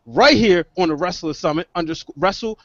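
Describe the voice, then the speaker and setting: A man's voice: high-pitched, lively intonation, normal speed, no room sound. A man co-hosting a wrestling podcast, overexcited and exclaiming as he talks. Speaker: podcast co-host. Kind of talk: excited wrestling podcast chat. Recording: dry, dull lo-fi call audio.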